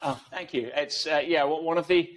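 Emphatic man, higher-pitched, explaining through analogies. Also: fairly even intonation, moderate pace. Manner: emphatic, uses analogies and rhetorical questions. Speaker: guest speaker. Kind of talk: conversational interview.

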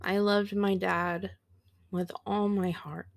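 A woman in her thirties hosting a podcast, telling a personal story in a slow, halting, reflective way and sounding teary. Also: medium pitch, level tone, gravelly, no echo. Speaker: podcast host.

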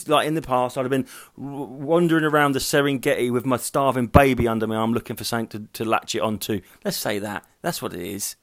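Wandering through his house, a middle-aged podcast host talks alone in a mid-range, fairly bright voice. Hungover, overheated and worn out, he goes off on tangents, curses freely and mocks himself.

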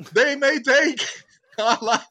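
A man's voice: very high voice, pushed and bright, voice pushed up, full character voice. A man voicing a grand, mock-epic battle speech, rousing and drawn out.

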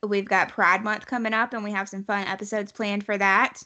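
A woman's voice: medium pitch, level tone, brisk, pushed and bright. A woman co-hosting a podcast, chatting casually with lots of fillers and giggles. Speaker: podcast co-host.

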